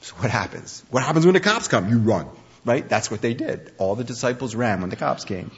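A man preaching a conversational sermon, telling the story with animated, acted-out speech. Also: mid-range voice, fairly quick, husky. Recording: dull lo-fi recording.

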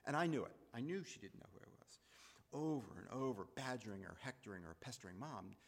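A man telling a personal story in a reflective, halting way, repeating phrases as he goes. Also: mid-range voice, expressive, long reverb tail.

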